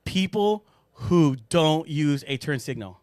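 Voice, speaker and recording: A man hosting a casual podcast chat in a studio, animated and joking, laughing often. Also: a little high, slow, no echo. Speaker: podcast host.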